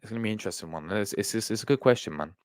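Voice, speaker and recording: Racing through his words, a young man with a slightly low voice runs a casual live stream, answering chat while rambling, restarting, and repeating himself. The recording is close and dry, without room sound.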